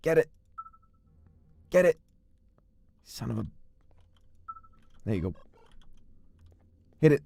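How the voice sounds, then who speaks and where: A man casually commentating a horror game on a livestream, joking around and slipping into silly voices and yells. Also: fairly high pitch, very animated, slow, vocal fry, long pauses, soft background music. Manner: playful, jokey, shifts into silly voices and yells. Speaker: streamer.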